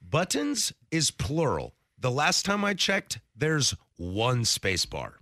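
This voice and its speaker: Playful radio host, crisp bright delivery. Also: male voice, medium pitch, huge pitch swings, slow, no echo, clean studio sound. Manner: playful, theatrical, overenunciates consonants. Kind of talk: bantering sports radio chat.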